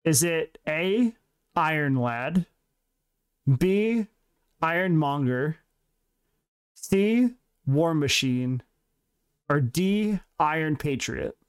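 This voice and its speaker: A man's voice: on the high side, expressive, very slow, pauses often, smooth. A man co-hosting a podcast, reading out quiz questions in a mock-teacher tone and laughing often. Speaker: podcast co-host running a quiz. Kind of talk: casual chat.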